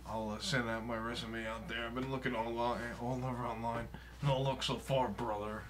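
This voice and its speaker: For comedic gameplay commentary, a man voices a boastful, broke, aging pro wrestler who rambles cockily, swears often, chuckles, and tacks "brother" or "dude" onto nearly every phrase. His own voice is medium-pitched, level and close to everyday speech, at normal speed over a noisy background.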